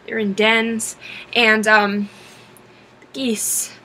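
A young woman with a high voice narrates a story in an animated storytime manner. Her tone is bright and sharp, and she sounds exasperated, jumping into playful acted-out quotes of herself. Lively and expressive throughout. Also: drawn-out words, slight background noise. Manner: exasperated, lively, acts out her own lines.

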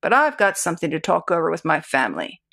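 A woman reading the lines of a gruff, guilty middle-aged farmer in a short story, curt and louder than her narration. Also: fairly low pitch, huge pitch swings, fast talker, pitched below the performer's own voice, exaggerated voice. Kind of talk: audiobook reading.

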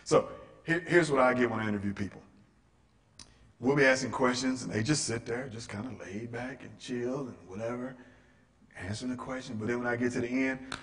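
Animated man teaching a live audience. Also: medium pitch, fairly quick. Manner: animated, acts out quotes and asks rhetorical questions. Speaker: workshop speaker. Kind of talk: interactive teaching talk. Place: church room with a live audience.

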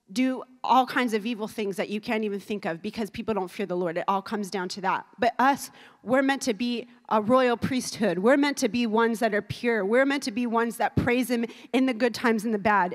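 A woman giving an emotional sermon, earnest and building to fervent preaching, with tearful moments. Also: fairly high pitch. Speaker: youth speaker. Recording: reverberant hall.

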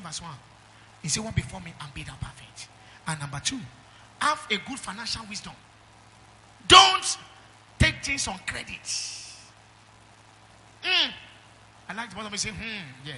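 A man's voice: high voice, bright, forceful tone, slight background noise. A middle-aged man with a Nigerian accent preaching a sermon, emphatic and calling the congregation for amens. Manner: emphatic preaching with call-and-response. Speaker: pastor.

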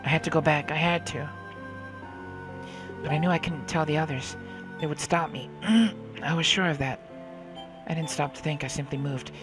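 A man's voice: fairly high pitch, steady tone, moderate pace. A man hosting a let's play, reading the game's story aloud dramatically and adding his own remarks. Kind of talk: reading game text aloud with commentary. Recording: game music behind the voice.

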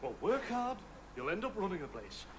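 A high-handed factory foreman. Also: big pitch swings, moderate pace. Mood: curt. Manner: curt and commanding. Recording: hissy old television broadcast.

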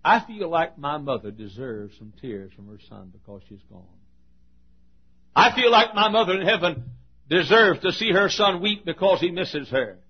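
A middle-aged man with a Southern American accent, preaching a sermon that swings from hushed tones to shouting. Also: a little high, very animated, moderate pace, slightly rough. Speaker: pastor. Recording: dull lo-fi archival sermon tape.

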